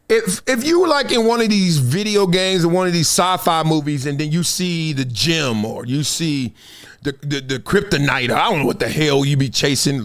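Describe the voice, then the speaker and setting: A middle-aged man hosting a live sports show, speaking up high and swinging his pitch wildly from line to line. He is emphatic and addresses his viewers directly, slipping into quick impressions of the people he talks about. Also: a bit bright. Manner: emphatic, talks straight to viewers, acts out other people's lines. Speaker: host. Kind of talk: animated live sports commentary.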